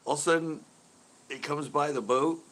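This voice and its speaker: A man's voice: fairly high pitch, normal speed. Man telling a fishing story on a livestream. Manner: laughing often, animated when quoting others. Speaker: livestream host. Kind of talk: casual storytelling chat.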